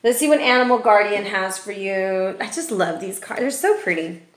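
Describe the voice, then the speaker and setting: A woman's voice: medium pitch, animated, normal speed. A woman giving a casual tarot reading, chatty and profane, often ending remarks with "okay?". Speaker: tarot reader. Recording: roomy echo.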